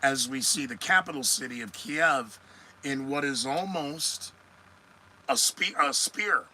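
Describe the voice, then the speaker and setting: Over a rough recording with a little hiss or hum, a man with a sharp, mid-range voice talks slowly through his solo news commentary podcast. He's sarcastic, drifts from point to point, and talks back to his own remarks.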